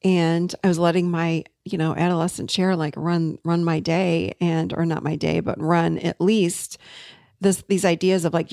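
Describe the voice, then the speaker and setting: Woman host, kinda low gravelly voice, earnest confessional storytelling, dry close sound. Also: flat delivery, moderate pace, dry recording. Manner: earnest and confessional, softening to near whispers when recounting tender moments. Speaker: podcast host and coach. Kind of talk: personal storytelling monologue.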